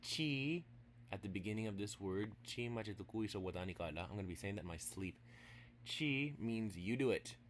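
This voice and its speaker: A man giving a casual language lesson, playful and teasing, spelling words out slowly piece by piece and dropping into quiet asides. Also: lowish voice, lively intonation, a little hiss or hum. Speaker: language teacher.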